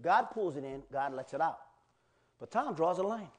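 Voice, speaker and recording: Delivering a sermon at a moderate pace, this male pastor speaks in a fairly high voice and keeps things animated. He's loose and conversational, frequently stopping to quiz the congregation.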